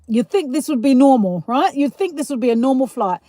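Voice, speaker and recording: A woman's voice: high voice, expressive, brisk, dark tone, no echo. A middle-aged woman with a South East London accent, hosting a live stream and telling a rambling, giggly story with casual swearing. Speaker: livestream host.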